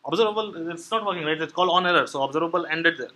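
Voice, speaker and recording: A man presents at a tech meetup, explaining in halting steps with many fillers. His voice sits a bit high and sounds bright. A faint hum runs behind him. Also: poor audio. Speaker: meetup speaker on Android programming. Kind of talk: live technical talk with audience questions. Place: meeting room at a tech meetup.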